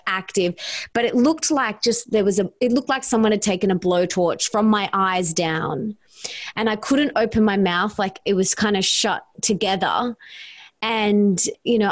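Woman telling her story animatedly. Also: mid-range voice. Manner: animated, re-enacts her own past dialogue. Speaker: podcast guest, author. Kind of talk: conversational personal storytelling.

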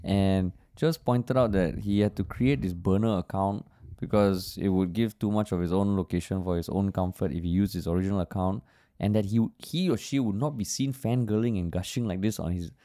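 A man's voice: sits low, brisk. A man with a Singaporean English accent co-hosting a podcast in casual chat, telling stories with frequent laughter and swearing. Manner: laughing, swearing, animated storyteller. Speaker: podcast co-host.

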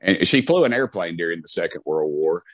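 A man's voice: low voice, lively intonation, brisk, no room sound. A middle-aged man with a Southern US accent, telling folksy stories as an interview guest, with many restarts and fillers. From Tennessee. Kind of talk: casual storytelling.

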